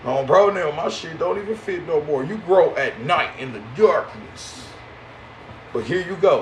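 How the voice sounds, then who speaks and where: A man with a fairly high voice preaches in to a live audience. He talks in slang, swinging between loud outbursts and low mocking asides. A faint hum of ambience sits behind him. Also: very animated, measured pace. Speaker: spiritual teacher.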